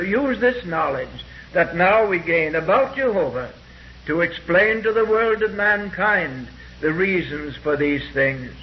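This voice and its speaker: A man preaching a sermon, quoting scripture slowly and deliberately and pausing often with "uh". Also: sits high, lo-fi sound. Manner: slow and deliberate when quoting scripture, with frequent "uh" pauses.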